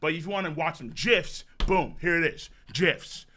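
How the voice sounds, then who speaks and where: A man streaming a live manga reaction, excitable and profane, breaking into shouts of amazement. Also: a little high, moderate pace.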